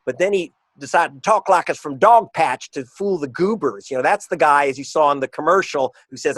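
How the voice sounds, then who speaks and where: A man being interviewed as an author and reporter, talking in an emphatic, combative way and slowing down to stress his points. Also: fairly high pitch, animated, dry recording. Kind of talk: interview guest.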